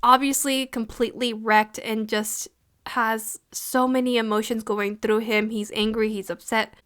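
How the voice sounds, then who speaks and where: A woman's voice: on the high side, level tone, unhurried, fairly bright tone. A woman talking through an anime episode in a casual review, earnest and emotional, with many "you know" fillers.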